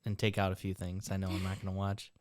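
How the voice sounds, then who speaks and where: An easygoing young woman with an extremely deep voice chats on a podcast. Her voice sounds close and dry, with no room around it, and she laughs often while quoting imagined reactions. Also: monotone, fast talker, a little mellow, no echo. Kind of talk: casual podcast chat.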